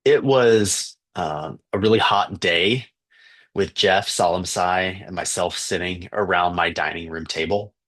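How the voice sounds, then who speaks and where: A man's voice: low voice, measured pace, a bit bright. A man, a missionary teacher, earnestly telling a story for fundraising, with fillers and restarts.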